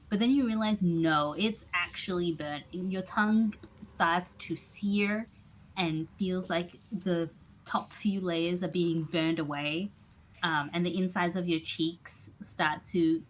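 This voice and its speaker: Slow-spoken woman game master. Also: on the low side. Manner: vivid, unhurried description. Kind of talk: narrating a tabletop game.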